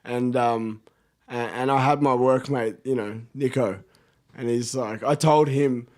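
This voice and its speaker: A man's voice: mid-range voice, fairly even intonation, measured pace, a little mellow. A middle-aged Australian man chatting casually as a podcast guest, laid-back and swearing freely. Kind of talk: casual chat.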